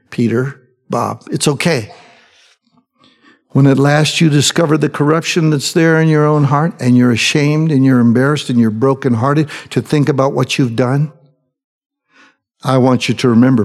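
A man preaching from the pulpit with fervent emphasis, his voice carrying a long reverb through the hall. His pitch sits in an ordinary middle range for a man. He swings from pressing, heated lines to soft, quiet ones. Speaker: pastor. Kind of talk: sermon.

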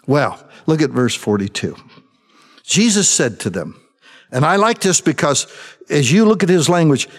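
A man preaching a sermon, talking in a conversational way and dropping in quick asides. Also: fairly high pitch. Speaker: pastor.

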